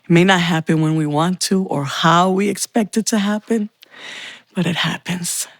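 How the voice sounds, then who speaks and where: A woman's voice: on the low side, steady tone, moderate pace, no echo. A woman telling her personal faith testimony in an earnest, heartfelt way. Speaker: testimony speaker.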